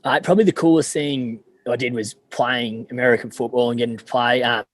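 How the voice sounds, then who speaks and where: A man's voice: mid-range voice, steady tone, fairly quick. A man in his twenties with an Australian accent, a former college punter chatting easily as an interview guest and calling the host "mate". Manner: easygoing, ends sentences with "mate". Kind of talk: casual interview.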